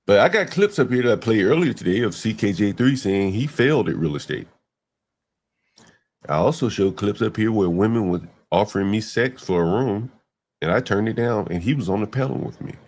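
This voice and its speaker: A man's voice: lowish voice, expressive, moderate pace, a little mellow. A man hosting a casual livestream chat, talking emphatically and repeating words to stress his point. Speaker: livestream host.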